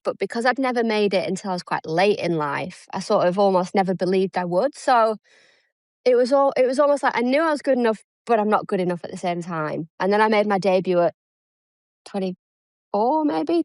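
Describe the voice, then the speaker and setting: A woman's voice: mid-range voice, expressive, quick pace, no echo. A woman in her thirties from England, a former cricketer chatting as an interview guest, self-deprecating and acting out the dialogue she quotes. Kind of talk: casual interview chat.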